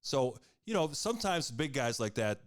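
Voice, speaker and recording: A podcast host tells a loose, rambling story in easy conversation and laughs readily. His voice is smooth and clear, at an ordinary pitch for a man. The talk is relaxed and unhurried. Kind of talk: casual chat.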